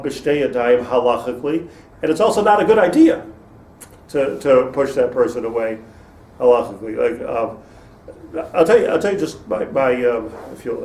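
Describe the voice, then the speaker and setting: A man's voice: medium pitch, a little mellow. A man, a rabbi, giving an informal Torah lecture to a class, digressing, restarting sentences and laughing at his own jokes. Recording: roomy, distant mic with faint noise.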